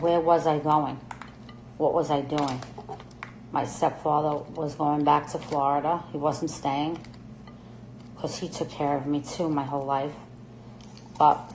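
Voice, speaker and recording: Middle-aged woman, lower voice, rambling candid livestream chat, cooking in a noisy kitchen with sizzling pans. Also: a little mellow, reverberant. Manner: candid, rambling, emotional storytelling. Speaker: livestream host talking about her family.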